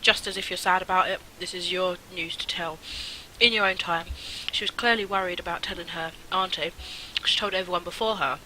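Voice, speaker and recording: A young woman giving relaxed let's-play commentary into a home desk mic, her voice very bright and sharp-edged. She rambles in a chatty, filler-heavy way and reads the game's text aloud, with a faint hiss underneath. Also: fairly low pitch, a little fast, hardly any pauses, poor audio. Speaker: gaming video host.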